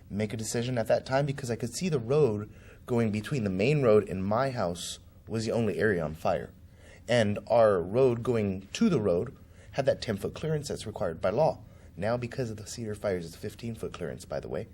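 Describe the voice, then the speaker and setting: A man's voice: fairly low pitch, darkish tone, slightly rough. A man being interviewed as a political candidate, telling a personal story vividly and acting out the voices of the people in it. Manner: vivid, acts out quoted voices.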